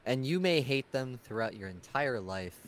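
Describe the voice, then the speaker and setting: A man's voice: mid-range voice, lively intonation, moderate pace, slight background noise. A man co-hosting a stream, joking and repeating words in casual chat. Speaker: stream co-host.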